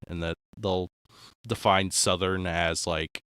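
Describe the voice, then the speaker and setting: A man chatting casually on a stream, low-key and often trailing off into quiet asides. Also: level tone, normal speed, clear, resonant tone, dry recording, studio quality. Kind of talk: casual chat.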